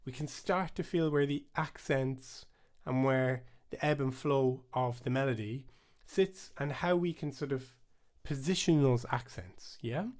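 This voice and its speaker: A man hosting a live-streamed bodhrán lesson, chatty and upbeat, chanting rhythm syllables aloud, with his voice starting to rasp. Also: fairly high pitch. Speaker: bodhrán teacher and channel host.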